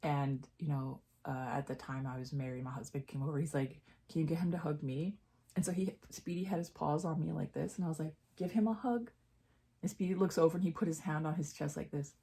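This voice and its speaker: A woman vlogger chatting candidly while doing her makeup, jumping up in pitch at times and dropping into half-whispered asides. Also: fairly even intonation, fast, creaky, hardly any pauses, warm tone.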